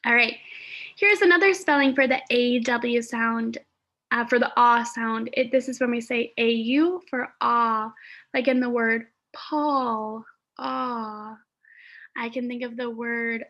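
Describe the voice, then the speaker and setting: Slow, careful woman phonics teacher. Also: fairly high pitch, steady tone, fairly bright tone. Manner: slow, careful enunciation of sounds and words; thinks aloud with pauses and fillers. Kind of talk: phonics lesson for young children.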